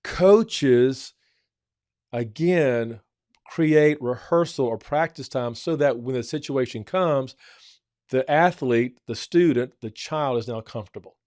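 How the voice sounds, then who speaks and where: A man's voice: mid-range voice, takes it slowly, darkish tone, dry recording. Earnest guy giving parenting advice, repeats himself for emphasis, dry close sound. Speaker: church family counselor. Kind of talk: advice talk.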